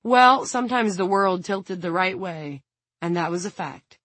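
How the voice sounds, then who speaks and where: Woman audiobook narrator, lowish voice, dry close sound, measured dramatic reading. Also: animated, a bit bright, dry recording.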